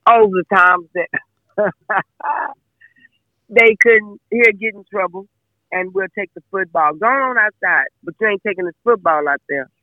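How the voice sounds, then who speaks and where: A woman's voice: mid-range voice, measured pace, pauses often, dry recording, narrow, tinny audio. A woman talking casually as an interview guest about her son, emphatic and fond of repeating herself. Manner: chatty, emphatic, repeats phrases. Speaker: guest, mother of a football player.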